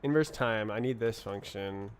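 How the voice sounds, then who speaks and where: A man thinks aloud while programming on a live stream, muttering to himself and throwing in playful nonsense words. His voice is lowish, at a normal speed.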